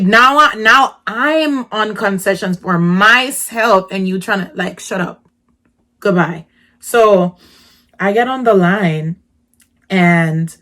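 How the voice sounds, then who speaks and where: Woman vlogging, slangy storytime, goes from near whispers to loud yelps, mid pitch. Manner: animated, slangy, swings from hushed asides to loud exclaims. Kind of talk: casual storytelling.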